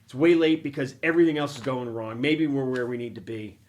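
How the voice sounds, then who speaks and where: A middle-aged man hosts a casual chat and tells an animated story. He laughs at himself and swears freely. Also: mid-range voice, a little fast. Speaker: podcast host. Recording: noisy action-camera room recording.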